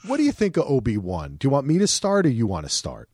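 Male podcast co-host, lively and foul-mouthed, bouncy pitch, dry close recording. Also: fast, slightly rough, dry recording. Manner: animated, profane, restarts often. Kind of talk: casual chat.

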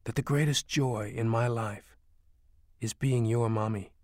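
A man voicing a gentle, ill young mother in a storybook reading, soft and soothing. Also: mid-range voice, lively intonation, moderate pace, dry recording, studio quality, voice pushed up, close to an everyday voice.

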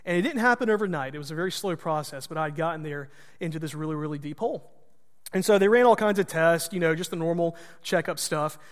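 A pastor with a high-pitched voice tells a personal story from the pulpit, chatty and poking fun at himself. His voice rings out with a long reverb, as in a large hall. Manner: conversational, self-deprecating humor. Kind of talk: storytelling sermon.

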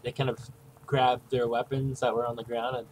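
A man's voice: mid-range voice, low-quality recording. Man running a tabletop game. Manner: relaxed, halting narration with frequent fillers and chuckles. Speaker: game master. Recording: faint background noise.

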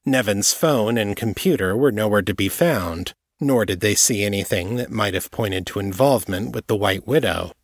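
Steady and measured, a low-voiced man reads scripted narration from an audiobook chapter. The recording is close and dry, with no room sound at all.

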